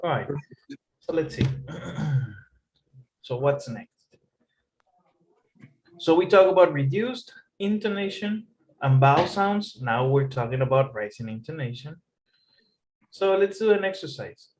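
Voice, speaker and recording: A man's voice: fairly high pitch, animated, unhurried, pauses often, a little mellow. A man teaching an English lesson, patiently repeating phrases and explaining rising intonation. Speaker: English tutor.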